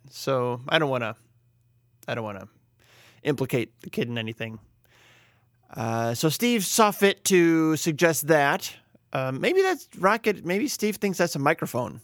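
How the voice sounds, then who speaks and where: A man's voice: medium pitch, a bit bright, clean tone, no room sound, studio quality. A man hosting a podcast alone, talking casually with wry, rambling, self-deprecating asides. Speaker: podcast host. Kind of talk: casual solo podcast talk.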